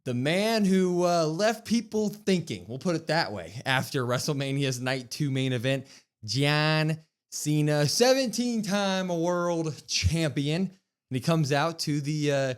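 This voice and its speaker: Chatty man recapping wrestling, fairly high voice. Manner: lively play-by-play retelling, quick and chatty. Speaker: podcast co-host. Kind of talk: casual wrestling recap on a live stream.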